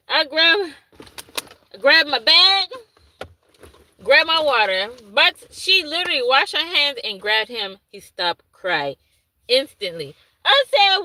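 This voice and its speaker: A woman who works as an infant daycare teacher, casually telling a story to the camera, animated and laughing, acting out what she said to the babies. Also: high voice, takes it slowly, low-quality recording. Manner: animated, laughing, acts out her own asides in dialect.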